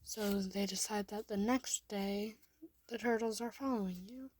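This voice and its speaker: A woman's voice: mid-range voice, steady tone, a little slow, a little mellow. A woman reading a second-person fan story aloud, often in a half-whisper.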